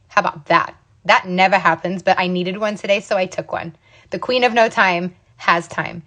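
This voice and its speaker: A woman in her thirties speaks straight to her viewers in a casual, motivational vlog. She talks emphatically and keeps checking in with her audience. Her voice sits at an ordinary middle pitch for a woman. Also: a bit bright. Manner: emphatic, repeats "okay?" and "you guys". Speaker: business owner sharing her story. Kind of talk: casual motivational talk to camera.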